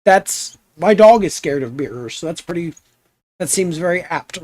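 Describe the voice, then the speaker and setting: A young man chatting in a relaxed, rambling way while streaming a game, trailing off into asides. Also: fairly high pitch, moderate pace, dry recording. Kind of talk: relaxed live stream chat.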